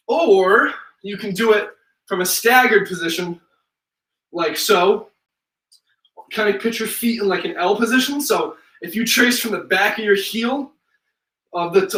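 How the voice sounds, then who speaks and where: A fitness instructor leads a live workout with upbeat cues and countdowns. His voice is high and bright. He sounds a little distant from the mic in an echoey room.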